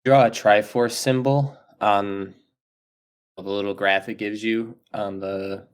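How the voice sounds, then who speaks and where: A man's voice: fairly low pitch, fairly even intonation, slow pace, smooth. A man co-hosting a casual gaming podcast, recapping in an easygoing way. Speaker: podcast co-host.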